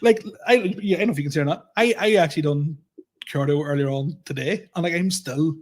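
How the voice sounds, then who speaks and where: Comedy podcast co-host, man in his thirties, slightly higher voice, giggly and repetitive, swears a lot. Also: quick pace. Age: 30s. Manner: laughs often, repeats himself, swears freely. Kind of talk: casual podcast rant.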